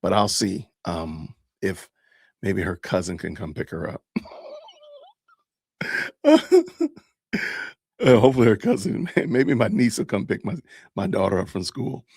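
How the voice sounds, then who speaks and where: A man's voice: fairly low pitch, lively intonation, measured pace, gravelly, pauses often, a little mellow, slightly rough, no room sound, studio quality. A middle-aged man hosting a live stream, chatting animatedly and laughing often as he reacts to videos. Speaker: podcast host. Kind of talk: live-stream commentary on body cam videos.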